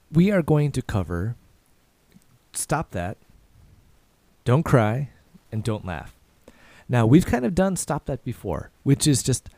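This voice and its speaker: A man hosts a casual podcast language lesson, his tone warm and mellow and his pitch swinging lively up and down. He repeats each short phrase slowly, then faster. The sound is close and dry, with no room echo. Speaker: podcast host and Korean teacher.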